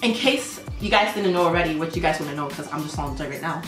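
A woman's voice: sits low, fast. A young woman hosting a reaction video in casual, chatty talk, full of "like" fillers. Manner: chatty, lots of "like" fillers, giggly. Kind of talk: casual chat. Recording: echoey room, mic far off, music behind.

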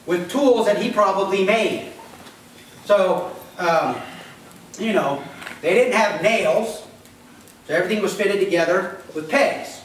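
A man's voice: high voice, takes it slowly, pauses often, heavy reverb, recorded from a distance, a little hiss or hum, low-quality recording. A man preaching a sermon as pastor, talking conversationally, quizzing the congregation and acting out voices. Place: church.

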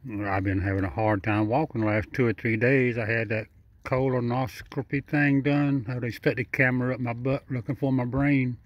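A man chats away to a raccoon, repeating himself as he goes. His voice sits at an ordinary pitch and sounds dull and lo-fi. The audio is dry, with no room echo. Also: steady tone, moderate pace. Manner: talks straight to the animal, chatty and repetitive. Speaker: vlogger feeding a wild raccoon. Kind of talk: casual running commentary.

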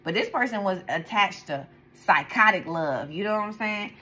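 A woman's voice: mid-range voice, lively intonation, moderate pace, sharp tone, slight background noise, low-quality recording. Chatty, profane woman tarot reader. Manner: profane, chatty, rambling, with frequent laughs. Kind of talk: casual tarot reading to viewers.

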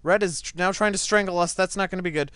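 A young man commentating his own gameplay, excitable, breaking into yelps and laughter, on a desk mic set back a little. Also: high-pitched, fast, smooth, no echo. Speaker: gaming channel host. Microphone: desk microphone set back a little.

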